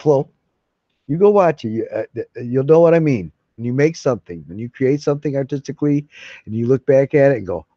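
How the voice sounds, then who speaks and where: Mellow-voiced middle-aged man, rambling profanely. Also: medium pitch, fairly quick, no room sound. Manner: profane, excitable, full of restarts. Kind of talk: casual rambling monologue. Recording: dull lo-fi sound.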